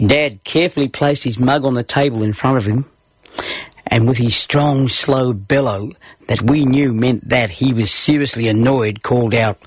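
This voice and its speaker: A man's voice: mid-range voice, normal speed, slightly rough, dry recording. A man with an Australian accent telling a story from his own childhood. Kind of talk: narrated personal story.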